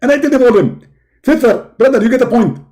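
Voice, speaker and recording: A man putting on the voice of a stubborn male preacher who shouts and keeps repeating himself. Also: very high-pitched, animated, quick pace, pitched above the performer's own voice. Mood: insistent.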